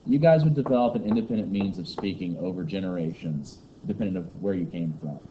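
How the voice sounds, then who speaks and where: A man's voice: low-pitched, quick pace. A man from giving a rambling, joking lecture to a class. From Kentucky, USA. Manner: joking, rambling teacher banter. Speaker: teacher. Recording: muffled classroom recording with faint noise.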